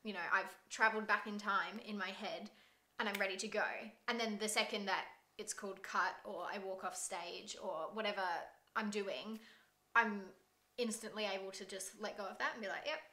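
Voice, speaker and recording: A woman's voice: medium pitch, fairly even intonation, normal speed, bright, forceful tone. A woman, an actor who plays a historical character, talking casually in an interview with lots of "like" and an upbeat manner. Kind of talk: conversational interview. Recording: echoey room.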